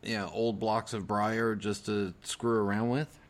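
A man with a fairly low voice hosts the show. He asks questions in an easygoing, conversational way. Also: flat delivery, unhurried. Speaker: podcast host. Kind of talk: casual interview questions.

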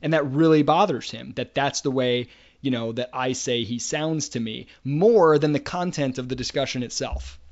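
A man's voice: mid-range voice, normal speed, darkish tone. A father co-hosting a casual podcast, telling anecdotes with frequent restarts. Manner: anecdotal, storytelling, hesitant restarts. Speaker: podcast co-host. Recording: dull lo-fi podcast audio.

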